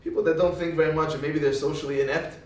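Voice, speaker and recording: A man's voice: a little high, fast talker. A male rabbi giving a Torah lecture, telling stories animatedly and acting out what people said. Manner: animated storyteller who acts out quoted speech. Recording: echoey hall, speaker far from mic.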